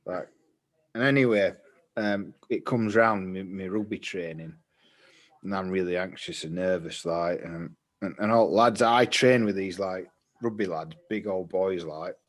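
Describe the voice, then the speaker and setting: A man's voice: low voice, unhurried. A young man, casually telling a long story on a podcast, rambling and swearing freely. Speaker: podcast co-host.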